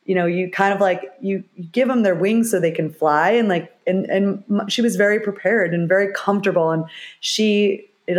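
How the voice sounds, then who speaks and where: A middle-aged woman, a guest in an interview, talking openly and emotionally in loose, restarting sentences. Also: on the low side. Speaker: expert guest. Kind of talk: conversational interview.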